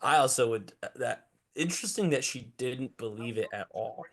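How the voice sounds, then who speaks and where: A man's voice: mid-range voice, lively intonation, normal speed, a bit bright. A man co-hosting a podcast in casual chat, rambling and thinking aloud. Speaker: podcast co-host.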